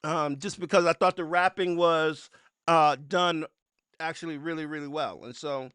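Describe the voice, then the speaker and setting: A man hosting a casual live-stream review, his voice bright and crisply clear. He hesitates often, restarting thoughts with ums. The sound is close and dry with no room echo. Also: a little high, steady tone. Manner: halting, lots of ums and restarts. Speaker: music review host.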